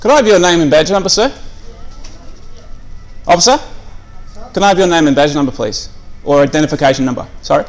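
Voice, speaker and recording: A man's voice: fairly high pitch, fairly quick, long pauses. An Australian man in a police station, insistently arguing with officers and repeating his questions while filming on a phone. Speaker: member of the public filming police. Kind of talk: confrontational argument. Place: police station reception area, indoors.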